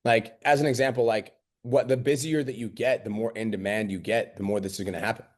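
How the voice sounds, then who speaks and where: A man's voice: lowish voice, steady tone, fairly quick. A young man coaching a group on a call, blunt and upbeat, swearing casually. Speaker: business coach and podcast host.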